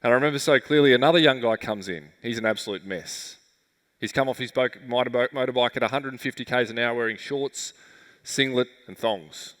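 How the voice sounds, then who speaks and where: A man's voice: mid-range voice, brisk, fairly bright tone. An Australian man telling a vivid, emotional personal story as a keynote speaker at a conference. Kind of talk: storytelling talk on stage. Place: large conference hall. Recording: reverberant conference hall.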